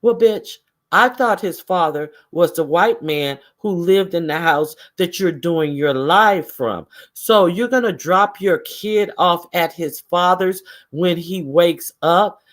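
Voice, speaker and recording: A man giving casual gossip commentary in a profane, sarcastic, animated way. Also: high-pitched, slow pace. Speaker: vlogger.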